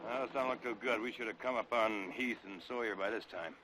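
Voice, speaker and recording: An actor playing a practical, take-charge ranch man leading a search in a TV western, speaking calmly and decisively. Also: fairly low pitch, fairly quick, natural voice, poor audio. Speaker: leader of a search party. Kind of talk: 1960s TV western acting.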